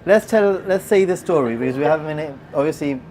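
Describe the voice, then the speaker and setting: A host from Gibraltar telling a story in casual chat, turning loud and excited as it goes. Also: mid-range voice, quick pace, a crowd in the background. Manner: animated, gets loud and excited when retelling.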